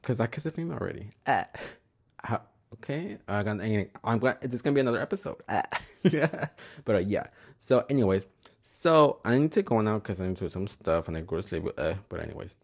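Man, low voice, very animated pitch, frank crude casual storytelling, braces on his teeth. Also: brisk. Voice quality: braces whistle in his speech. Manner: frank, crude, switches between English and Spanish. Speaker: podcast host.

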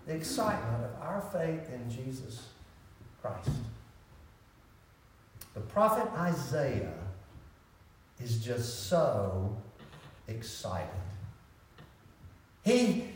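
A middle-aged man preaching a sermon as pastor, talking in an animated, conversational way and asking the congregation questions. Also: high voice. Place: church sanctuary. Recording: roomy echo from a distance.

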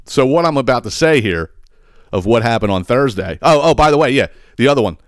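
Speaking a little fast with lively intonation, a man with a mid-range voice hosts a podcast and goes off on politics. His rant is emphatic and laced with swearing and repetition, captured dry in studio quality.

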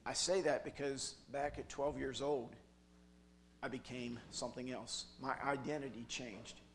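A man speaking at a youth retreat, preaching a jokey, animated sermon with big swings in loudness. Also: mid-range voice, a little slow, slight background noise.

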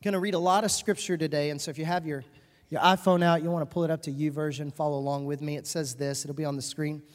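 A woman's voice: sits low, steady tone, fast. Woman pastor, sermon, earnest, emphatic, repeats phrases, large church hall, long echo. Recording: reverberant hall.

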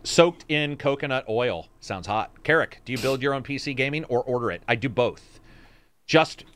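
A man's voice: normal speed, a little hiss or hum. A man hosting a gaming podcast, chatting casually, reading viewer comments and swearing often. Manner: swearing, animated, jumps pitch for mock quotes. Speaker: podcast host reading chat. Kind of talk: casual chat.

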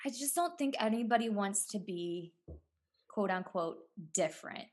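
A woman and former teacher, a podcast guest talking in an earnest, casual way, often saying "you know" and laughing softly. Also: mid-range voice, lively intonation, moderate pace. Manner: earnest, talks through ideas with frequent "you know" and soft laughs.

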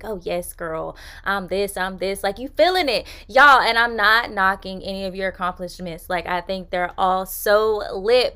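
A woman's voice: a little high, bright, forceful tone. A young woman hosting a faith-based podcast, talking in a chatty, upbeat way with casual slang. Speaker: podcast host.

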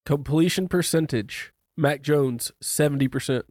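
A man co-hosting a casual podcast, deadpan, reading figures out one by one. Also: on the high side, measured pace, no room sound. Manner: deadpan, reads stats methodically. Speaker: podcast co-host. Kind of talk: casual chat.

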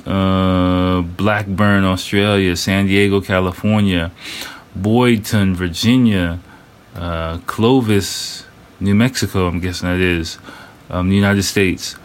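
A man's voice: low voice, steady tone, takes it slowly, smooth. A man in his thirties hosting a casual solo podcast, loose and rambling, full of fillers, restarts and slang. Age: 30s. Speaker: podcast host.

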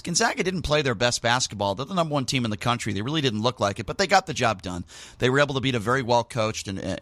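Animated man telling a sports story. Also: medium pitch, no room sound. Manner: animated storyteller, rising to indignant outbursts. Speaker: sports talk host. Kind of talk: casual sports radio monologue.

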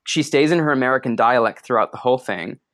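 A man chatting casually on a podcast about a film, talking in quick, profane bursts with laughs. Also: mid-range voice, a bit bright, dry recording. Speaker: podcast co-host. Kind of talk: casual film-discussion chat.

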